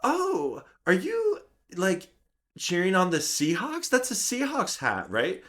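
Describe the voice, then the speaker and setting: A man doing a bubbly teenage girl at the checkout, pitched way up and full of eager questions. She chatters in a lively, sing-song voice that leaps around, friendly and a little scatterbrained. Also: slow pace, exaggerated voice. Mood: chirpy. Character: chirpy teenage girl cashier.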